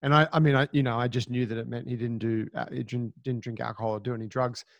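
A man interviewing a guest, asking friendly, curious questions with halting starts. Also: medium pitch, steady tone, vocal fry, no room sound, highs cut off. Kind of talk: casual interview.

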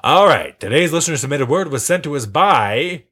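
A man's voice: fairly high pitch, expressive, normal speed, pushed and bright, breathy edge. A man hosting a podcast in casual chat, joking and rambling, often breaking into laughter. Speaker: podcast host.

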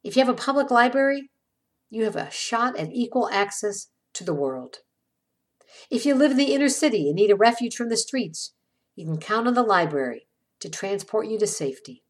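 A woman podcast host reads an inspirational essay in a measured, reflective way. Her pitch moves a lot, and she lets the ends of her phrases fall. Her delivery is scripted and even-paced. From small town.

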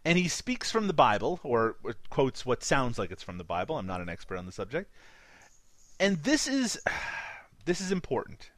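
A man's voice: medium pitch, wildly swooping pitch, normal speed, fairly bright tone, no echo. A man with a light Newfoundland accent recapping a movie in casual podcast chat, laughing often and swearing casually. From Newfoundland, Canada. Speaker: podcast co-host.

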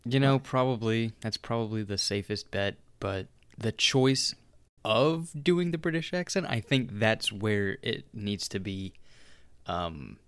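A man's voice: fairly low pitch, lively intonation, unhurried, smooth, no room sound. A man casually discussing movies on a podcast, laid-back and hedging his opinions.

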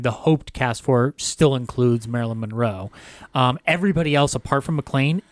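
A podcast co-host with a medium-pitched voice chats casually about film history, joking, laughing often, and tossing in silly impressions. The recording is dry.

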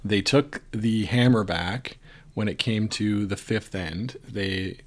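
A co-host and curling analyst breaks down a game on a curling show, rambling and thinking aloud in casual sports analysis. His voice is on the low side, and he takes it slowly.

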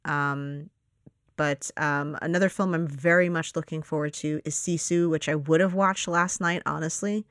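A podcast co-host in casual chat, rambling and acting out their own reactions in quick quoted asides. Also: mid-range voice, steady tone, fairly bright tone, smooth, dry recording, clean studio sound.

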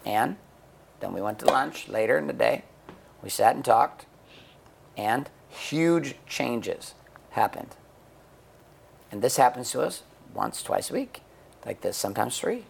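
A middle-aged man talks in a candid interview, blunt and profane, acting out quotes as he tells stories. His voice is gravelly and mid-pitched. A faint hiss sits under the recording. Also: animated, unhurried, pauses often. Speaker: guest, men's coach and author.

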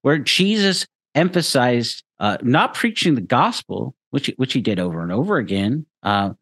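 A man's voice: mid-range voice, sing-song, normal speed, a bit bright, husky, dry recording. A man hosting a show, giving emphatic critical commentary, repeating his points and speaking straight to the person he criticizes. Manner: emphatic, repeats himself, addresses the preacher directly. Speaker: host.

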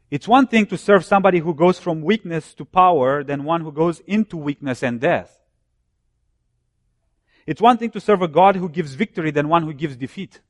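Emphatic preacher man, higher voice. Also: expressive, moderate pace, no echo, studio quality. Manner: emphatic, building repeated phrases. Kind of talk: sermon.

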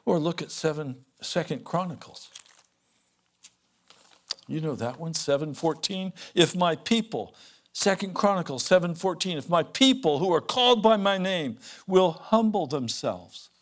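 A man preaching a revival sermon as pastor, swinging between loud fervent warnings and hushed pleading. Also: fairly high pitch, animated, unhurried.

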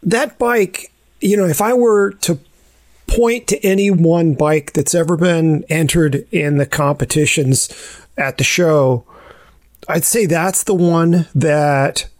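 A man hosts a podcast interview in a measured, conversational way. His voice sits a bit high and has a gravelly edge, recorded close and dry. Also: a little mellow, dry recording. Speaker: podcast host.

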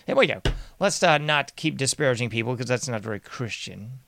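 A man's voice: mid-range voice, lively intonation, a little fast, vocal fry, fairly bright tone. A male commentary host talks with sarcastic, mocking energy. He often laughs and slips into sing-song refrains. The sound is dry, with no room echo. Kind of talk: casual political commentary.

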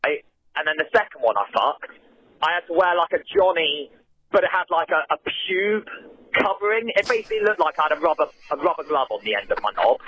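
A man's voice: a little high, expressive, fairly quick, sharp tone, a little hiss or hum. A young British man calling in by phone, telling a crude story with stammering restarts. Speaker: caller. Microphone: telephone. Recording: muffled phone line.

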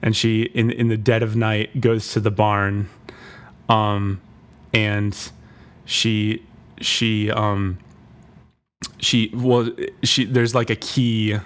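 A man co-hosting a comedy podcast, retelling a made-up plot in a rambling, deadpan way with constant restarts. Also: lowish voice, slow, long pauses. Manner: rambling, full of fillers and restarts, deadpan storytelling. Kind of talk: comedic improvised story retelling.

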